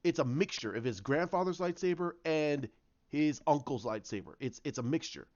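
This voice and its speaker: A man's voice: a little high, lively intonation, moderate pace, darkish tone, highs cut off. A man casually talking through a story idea, rambling with lots of restarts and acted-out bits. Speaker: fan commentator.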